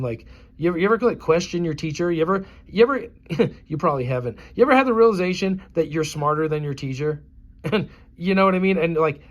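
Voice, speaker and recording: Combative YouTuber in his forties, a man with a slightly high voice swearing through a scornful rant. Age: 40s. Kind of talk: ranting vlog monologue.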